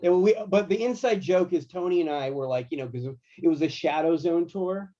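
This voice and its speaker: A man tells tour stories in loose, slangy chat. His voice sits a touch high and sounds animated. The recording is dull and lo-fi. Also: brisk. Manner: animated, laid-back, slangy. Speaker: guitar tech guest. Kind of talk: casual storytelling.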